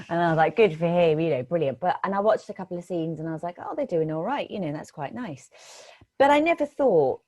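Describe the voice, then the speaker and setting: Animated actress telling stories. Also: female voice, lowish voice, normal speed, husky, no room sound. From Britain. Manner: animated storytelling, re-enacts conversations. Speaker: actress guest. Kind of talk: conversational interview.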